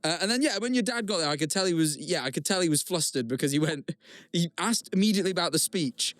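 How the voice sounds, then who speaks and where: A man's voice: a little high, expressive, fast, fairly bright tone, no room sound. A man co-hosting a podcast, chatting casually and teasing his friend. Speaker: podcast co-host. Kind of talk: casual chat.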